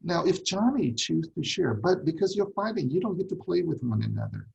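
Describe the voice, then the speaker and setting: A man's voice: on the high side, very animated, brisk, gravelly, a little mellow, slightly rough, highs cut off. A man teaching a ministry class on parenting, emphatic, repeating key points and asking rhetorical questions.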